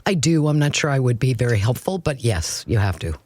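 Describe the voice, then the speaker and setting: A woman co-hosting a talk radio show, chatting in a wry, self-deprecating and animated way. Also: extremely low pitch, fairly quick, husky, no echo. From Minnesota. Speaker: radio co-host. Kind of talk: casual talk radio chat.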